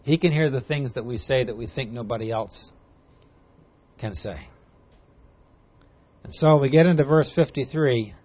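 A man teaching through a Bible passage to a class, lively and emphatic, reading verses aloud. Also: mid-range voice, a little slow, pauses often. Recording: dull lo-fi recording.

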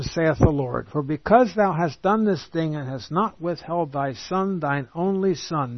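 Husky-voiced man teaching a sermon. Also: fairly high pitch, expressive, dry recording, dull audio. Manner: reads scripture slowly and emphatically, then explains plainly. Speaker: preacher.

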